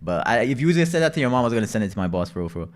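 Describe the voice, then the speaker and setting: A young man livestreaming casually, telling stories with heavy swearing, loud outbursts and reading out chat messages. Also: mid-range voice, sing-song, very fast.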